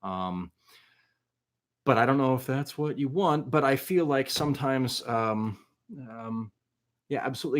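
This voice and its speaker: A man's voice: medium pitch, measured pace, pauses often. A man, a musician, chatting casually with his livestream audience between songs, rambling and self-deprecating with lots of fillers.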